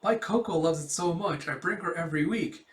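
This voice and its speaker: A man's voice: a little high, brisk, close to an everyday voice. A man voicing a prim, genteel woman who talks in a sugary way, recorded from a distant mic in a roomy space. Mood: sweet. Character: prim sweet-talking woman dog owner.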